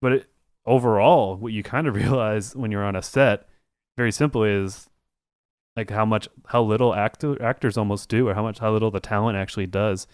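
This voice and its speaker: A man with a lowish, smooth voice rambles casually through a story, piling on "like" and "you know" as he goes. He sounds dry and close to the mic, with no room around him. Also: steady tone, fairly quick, darkish tone, no room sound. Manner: rambling, full of "like" and restarts. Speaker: podcast co-host. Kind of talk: casual chat.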